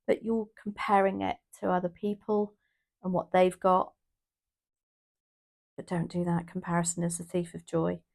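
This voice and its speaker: A woman's voice: mid-range voice, gravelly, a little mellow. A woman from the UK doing a casual, emotional tarot reading, rambling with restarts and exclamations. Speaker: tarot reader.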